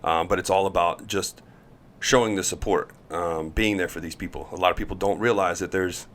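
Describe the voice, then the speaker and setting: A man telling stories as a podcast guest, lively and acting out the people he quotes. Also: low voice, a little fast. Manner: animated storyteller, acts out quoted voices. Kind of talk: casual storytelling chat.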